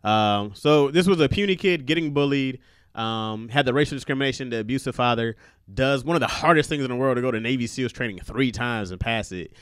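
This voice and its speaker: A man's voice: medium pitch, a little fast, smooth, no room sound, clean studio sound. A man in his thirties hosting a podcast, talking loosely and profanely and laughing often. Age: 30s. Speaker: podcast host. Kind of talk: casual podcast chat.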